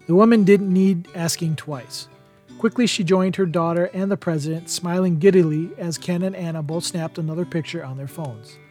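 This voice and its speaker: A man reading a chapter of a holiday novel aloud as a podcast narrator, in a steady, even storytelling manner. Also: sits high, normal speed, soft background music. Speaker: podcast reader. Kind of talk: audiobook narration.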